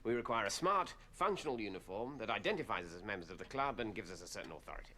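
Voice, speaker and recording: A man's voice: lowish voice, big pitch swings, quick pace, sharp tone. An actor playing an indignant male club leader who keeps objecting in exasperation, in a sketch comedy clip. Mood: pompous. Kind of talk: British sketch comedy acting. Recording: noisy clip played on stream.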